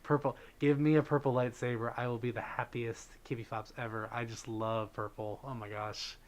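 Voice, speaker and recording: Speaking at a normal speed and a mid-range pitch, a man hosts a laid-back livestream chat. He reads out messages, thanks people who donate, and leans heavily on fillers like um and like, keeping it unscripted and loose.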